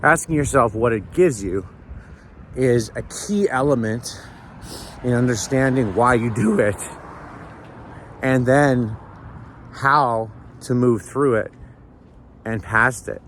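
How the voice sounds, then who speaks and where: A man's voice: medium pitch, slow, pauses often, fairly bright tone, a little hiss or hum. A man talking through a casual walking vlog outdoors in the morning, reflective and rambling, with many restarts and "right?" tags. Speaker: sober vlogger. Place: outdoors on a city street at sunrise.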